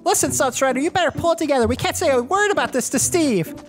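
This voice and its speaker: A woman plays a cold, bossy young woman who talks down to everyone. Her voice is very high and lively, snapping up and down. Faint music plays behind her. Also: quick pace. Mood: scheming. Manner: snide, domineering. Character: bossy scheming young woman, mean and ruthless. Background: background music.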